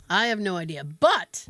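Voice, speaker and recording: A woman hosting a podcast, telling a story in a casual, animated way with laughs and swearing. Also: mid-range voice, dry recording. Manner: animated, laughing, profane, with fillers. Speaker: podcast host.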